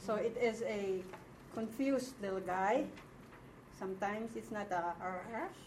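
A woman from the Philippines teaches Hebrew, walking her class through the lesson patiently and checking in with them. She has a medium-pitched, somewhat mellow voice and a measured pace. Slight background noise is audible, and the echoey room was recorded from a distance.

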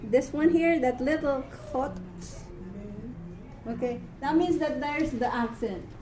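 A tired woman teaching a live reading class, chatty, quick to laugh and correct herself. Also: high voice, a little mellow, a little hiss or hum.

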